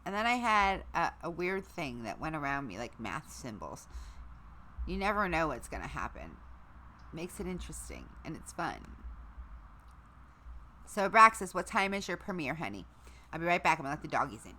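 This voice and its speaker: Middle-aged woman streamer, low-pitched yet bright, lively delivery, slightly hoarse, casual chat. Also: moderate pace, long pauses, slight background noise. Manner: chatty, talks to her gear and dogs. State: losing her voice. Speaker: livestream host.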